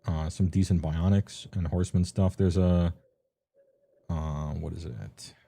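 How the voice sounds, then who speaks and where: A man with a deep, very dark and mellow voice talks through game books in a loose, rambling stream. He is offhand and chatty, pausing on ums and laughing at his own asides. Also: steady tone, vocal fry. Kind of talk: casual rambling commentary.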